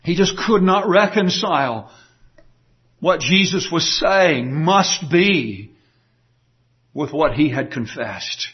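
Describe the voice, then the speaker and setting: A man's voice: expressive, takes it slowly, long pauses. A man preaching a sermon, emphatic, dramatizing quoted words. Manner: emphatic, dramatic quoting with wide swings of pitch. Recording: dull lo-fi recording.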